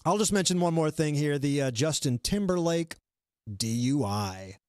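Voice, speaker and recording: A man's voice: a little high, expressive, moderate pace, a little mellow, dry recording, clean studio sound. A man hosting a comedy live stream, chatting casually and rambling with lots of fillers and restarts. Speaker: comedy show host.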